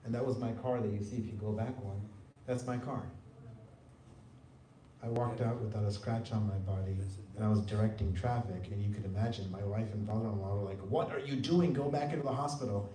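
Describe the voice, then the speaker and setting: A middle-aged man tells a personal story to a gathering, bringing it to life with playful voices for the people he quotes. His tone is mellow and soft-edged. He sounds set back from the mic in a roomy hall, with a faint hum of room noise behind him. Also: on the low side, a little fast, recorded from a distance. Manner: animated storyteller, mimics voices when quoting. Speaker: devotional speaker. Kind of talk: personal testimony talk. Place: hall at a spiritual center.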